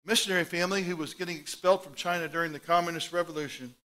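His voice a little high and his delivery racing, a middle-aged man preaches a sermon as pastor. He tells stories, shifting animatedly between loud outbursts and hushed asides.

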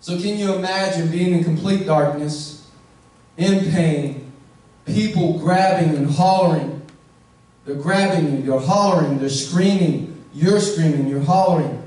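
A male pastor preaches a slow, earnest sermon, drawing out the words he wants to land and questioning his listeners directly. His voice is a little high for a man, mellow and soft-edged, heard from far off in a very echoey church.

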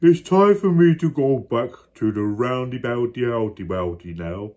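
A man voicing a big, gentle elephant who sounds sorry, reading a children's storybook aloud. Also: medium pitch, lively intonation, normal speed, dull audio, lightly acted.

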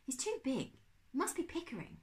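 A woman's voice: high-pitched, huge pitch swings, fairly quick, pitched above the performer's own voice. A woman reading as a nervous polite boy. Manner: stammering, polite. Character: anxious, polite boy, apologetic.

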